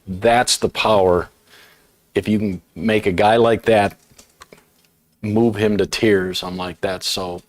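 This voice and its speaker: A man hosting a casual live chat and telling a story, trailing off softly at the ends of thoughts. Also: on the low side. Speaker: host.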